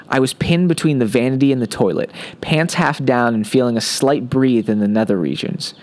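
A man at an average pitch reading his own comic sci-fi story for a podcast. He narrates with a playful, wisecracking manner, leaning into the jokes of his rogue hero. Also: normal speed, few pauses. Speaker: podcast host and fiction author.

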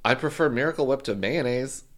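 A man's voice: medium pitch, brisk, fairly bright tone. A man in casual chat with a friend, campy and teasing, laughing often.

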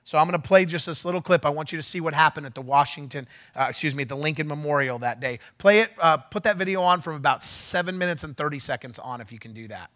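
Preacher guy in church, bright kinda high voice, gets loud and animated. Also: fast, hardly any pauses. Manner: animated, shouts when acting out quotes. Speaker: pastor. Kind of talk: sermon storytelling.

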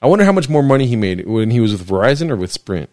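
A man's voice: mid-range voice, sing-song, fast talker, darkish tone, no room sound, clean studio sound. A young man hosting a casual solo podcast from a desk in his living room, rambling, joking and swearing, and slipping into mock voices. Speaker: podcast host.

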